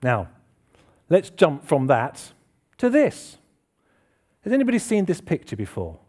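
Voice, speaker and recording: A man preaching in a relaxed, conversational way, his voice rising and falling with a lot of movement. It sits a little above the usual male pitch. He talks to the congregation, asks them questions and pokes fun at himself. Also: unhurried. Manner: chatty, self-deprecating, asks the congregation questions. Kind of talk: informal church sermon. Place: church hall with congregation.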